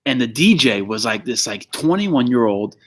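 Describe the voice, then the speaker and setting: A man's voice: mid-range voice, sing-song, moderate pace, a bit bright. A man telling a story in casual podcast chat, laid back and full of fillers, with some swearing.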